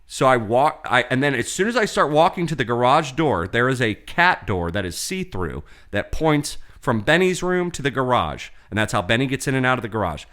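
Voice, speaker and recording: A man co-hosting a podcast, telling a long, profane, animated story in casual chat. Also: mid-range voice, a little fast, hardly any pauses. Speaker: podcast co-host.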